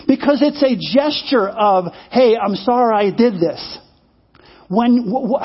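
Pastor, male, very high and husky, chatty sermon delivery that repeats words, muffled lo-fi recording. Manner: conversational, repeats words, asks the audience questions. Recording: dull lo-fi sermon audio.

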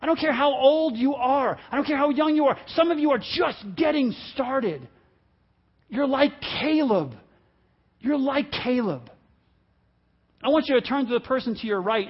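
High-voiced impassioned preacher man in his fifties. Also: slightly rough. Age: 50s. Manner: impassioned, swings from hushed to shouting. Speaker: pastor. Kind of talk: sermon. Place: church sanctuary with congregation. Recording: dull lo-fi sermon recording.

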